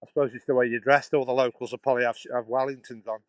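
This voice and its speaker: A man's voice: mid-range voice, flat delivery, racing, no room sound, low-quality recording. Chatty Potteries-accented man walking outdoors. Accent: Stoke-on-Trent Potteries, dropped H's. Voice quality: chatty, laughing, restarting phrases. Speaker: vlogger live-streaming a walk. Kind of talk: rambling live-stream chat to viewers. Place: outdoors on a muddy canal-side path. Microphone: phone held while walking.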